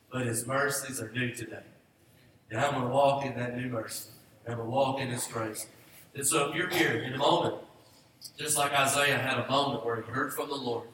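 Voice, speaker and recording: Earnest pastor preaching in an echoey hall. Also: male voice, mid-range voice, pushed and bright, slight background noise. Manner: earnest, rising to emphatic calls. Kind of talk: sermon. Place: church sanctuary. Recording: echoey church hall, mic from a distance.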